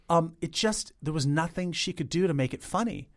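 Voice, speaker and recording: A man in his fifties, a guest in an interview, talking in an animated, chatty way and imitating instruments with his voice. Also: fairly high pitch, fairly quick, hardly any pauses. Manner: chatty, many "like" fillers. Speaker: guest, a cappella arranger. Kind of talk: interview conversation.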